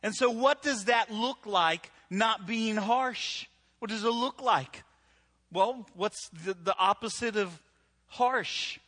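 A middle-aged pastor with a high, slightly bright voice delivers a humorous sermon to a live church audience. He takes his time, joking and talking conversationally while often checking in with "right?".

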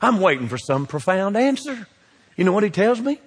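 A middle-aged man, preaching a sermon that swings between loud exhortation and hushed asides. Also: sits high, very animated, moderate pace, breathy edge, in a large hall. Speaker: pastor.

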